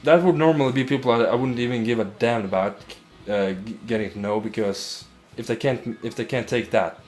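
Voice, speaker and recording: A man's voice: mid-range voice, fairly quick, a little mellow, soft background music. A young man chatting casually while playing a video game, rambling with frequent restarts. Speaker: let's play host. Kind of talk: casual gaming chat.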